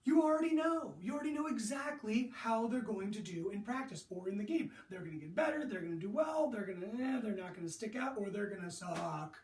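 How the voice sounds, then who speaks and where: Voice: mid-range voice, expressive, brisk, few pauses, darkish tone. A sports mental coach teaching young athletes, talking animatedly, asking rhetorical questions and acting out athletes' moods. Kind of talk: motivational lesson to young athletes. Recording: roomy echo, distant from the mic.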